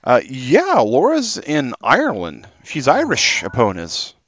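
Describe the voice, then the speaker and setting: A man's voice: medium pitch, wildly swooping pitch, measured pace, a bit bright. A man live-streaming a game, chatting and rambling casually to his viewers. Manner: chatty and rambling, talking to chat.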